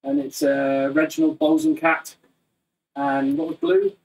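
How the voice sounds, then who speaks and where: Male martial arts instructor, higher-pitched, rambling and jokey, heard from a distance in a living room. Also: huge pitch swings, a little slow, a little mellow. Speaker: Muay Thai instructor. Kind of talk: casual live online class chat. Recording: distant, slightly roomy sound.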